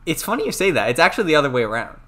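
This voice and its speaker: A young man co-hosts a casual movie podcast, his voice bright and forward. He chats animatedly, sharing trivia and acting out little mock quotes. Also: on the high side, very animated, very fast. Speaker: podcast co-host.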